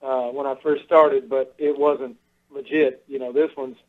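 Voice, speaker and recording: A man from Western Kentucky, a musician chatting easily in a radio interview and teasing now and then, with some halting starts. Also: medium pitch, level tone. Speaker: musician guest. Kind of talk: phone interview. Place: at home. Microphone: telephone. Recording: tinny phone line.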